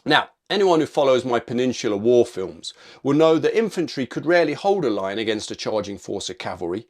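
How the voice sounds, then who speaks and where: A man's voice: medium pitch, very animated, fairly quick. A man narrating a military history video in a punchy, informal scripted style with casual asides.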